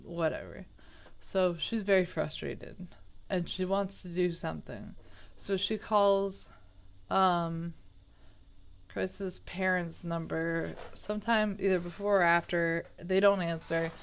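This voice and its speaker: Slow and gravelly yet clear and resonant, a woman's lowish voice carries a rambling, chatty true crime retelling. She wanders into asides, corrects herself and reacts with baffled indignation.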